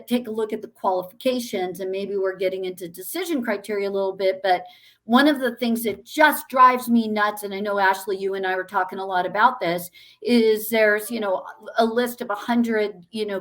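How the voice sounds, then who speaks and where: Woman, sales executive, panel discussion, chatty, emphatic, fillers, mid pitch. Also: moderate pace, a bit bright.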